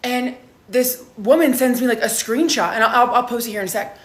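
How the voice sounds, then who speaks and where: A hungover young woman tells a storytime vlog, dropping swear words through nearly every line. Her voice sits fairly high and she tells it with animated indignation. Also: brisk.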